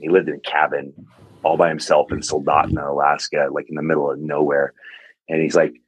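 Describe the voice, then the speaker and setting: A man in his forties, a pastor and author, telling a personal story in an interview, earnest and reflective with halting restarts. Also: rumbling low, slightly rough, dry recording, low-quality recording. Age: 40s.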